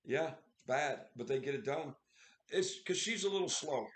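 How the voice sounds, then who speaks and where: Excitable male streamer, casual commentary, recorded in an echoey room. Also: a little high, moderate pace, slight background noise. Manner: excitable, exclaiming, laughing often. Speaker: livestream host.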